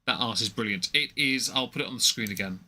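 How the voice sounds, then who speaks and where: A man's voice: on the low side, fast, pushed and bright. A young man giving rambling, mocking commentary on a livestream, with many fillers and restarts.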